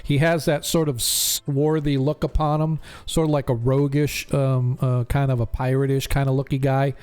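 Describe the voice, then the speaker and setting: A man's voice: medium pitch, little pitch movement, moderate pace, darkish tone, clean tone. A man narrating a tabletop game as game master, rambling with lots of fillers.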